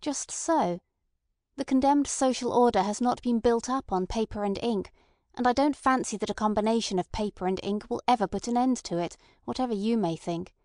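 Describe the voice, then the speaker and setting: A woman's voice: fairly high pitch, moderate pace, a little mellow, no room sound, studio quality, natural voice. A woman voicing a small, detached man who talks with lofty scorn and no feeling. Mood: scornful. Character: cold scornful small male bomb-maker.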